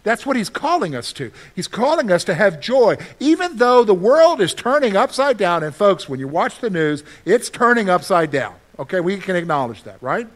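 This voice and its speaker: A man preaching a sermon in a conversational way, asking his listeners questions and answering them himself, with lively storytelling. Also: sits high, normal speed, few pauses. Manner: animated storytelling with sudden loud outbursts. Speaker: pastor.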